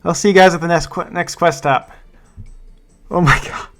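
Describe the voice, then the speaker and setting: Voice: mid-range voice, steady tone, normal speed, a bit bright, soft background music. A gaming video creator talking to viewers, breathless and shaky with nerves and relief, repeating exclamations and rambling. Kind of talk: casual gameplay commentary to viewers.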